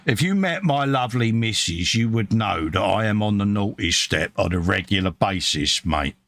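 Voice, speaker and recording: A middle-aged British man co-hosts a live modelling stream, building a model kit and reading chat messages aloud in a casual, self-mocking way. His voice is on the low side, animated and a bit bright, at a normal pace. The recording is dry, with no room sound.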